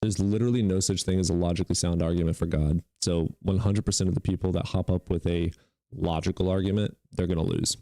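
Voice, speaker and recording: A man's voice: deep voice, steady tone, fast, warm tone, no echo, studio quality. A young man hosting a livestream debate, mocking chat and callers with swearing and bursts of laughter. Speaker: streamer hosting call-in debates.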